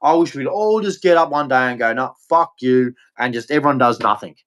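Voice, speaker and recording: This streamer speaks fast in an expressive, medium-pitched, slightly bright voice with an Australian accent. Agitated, he swears frequently and circles back over the same points in his rant.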